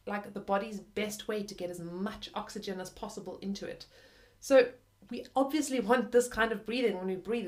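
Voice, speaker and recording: Chatty woman giving a flute lesson. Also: mid-range voice. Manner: friendly, chatty, with fillers like "like" and "kind of". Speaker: flute teacher. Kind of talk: video lesson.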